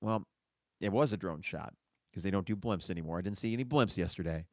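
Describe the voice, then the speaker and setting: A man's voice: low voice, a little fast, dry recording, studio quality. A man hosting a casual solo sports podcast, reading listener mail and reacting in a chatty way. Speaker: podcast host.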